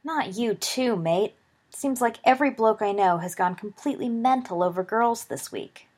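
Woman reader as a cocky schoolboy: husky, teasing, pitched up and pushed louder than the narration. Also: moderate pace, lightly acted. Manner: teasing, blunt, slangy. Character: brash, cocky teenage schoolboy.

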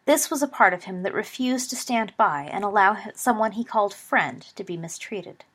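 A woman narrating a story aloud in an expressive, brisk reading. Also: medium pitch, husky.

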